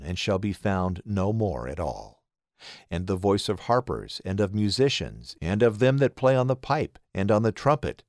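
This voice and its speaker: A man reading scripture aloud in a solemn, measured recitation. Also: fairly low pitch, darkish tone, no room sound, studio quality. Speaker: scripture reader.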